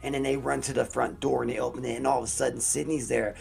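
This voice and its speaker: A man's voice: medium pitch, little pitch movement, quick pace, creaky, a little mellow, faint music behind. A man casually retelling a horror movie plot in long run-on sentences, swearing now and then. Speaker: storyteller.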